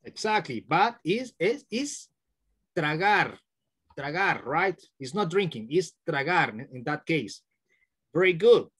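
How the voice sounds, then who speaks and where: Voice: mid-range voice, big pitch swings, a little slow, fairly bright tone, slightly rough. A teacher leading an online class over a video call, patiently repeating words to correct and stress them.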